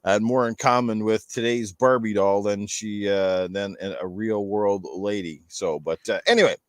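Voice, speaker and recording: A man's voice: on the low side, steady tone, moderate pace, no room sound. Rambling joking man hosting a podcast. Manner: rambling, jokey ranting. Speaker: podcast host. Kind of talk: casual panel chat.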